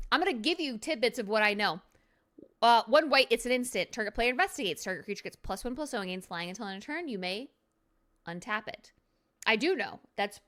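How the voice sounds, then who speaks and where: A woman's voice: on the high side, pushed and bright. A woman streamer giving a casual card review at her computer, goofy and playful with silly jokes.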